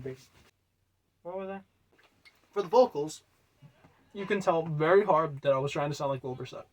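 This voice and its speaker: A man casually explaining how he made his own song, rambling loosely with many fillers and quiet trailing asides. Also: on the high side. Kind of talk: casual music breakdown.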